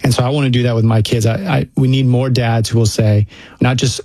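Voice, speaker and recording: A man's voice: mid-range voice, fairly even intonation, fast talker, darkish tone, no room sound. A man co-hosting a faith-based conversation about parenting, earnest and reflective, laying out his points one by one.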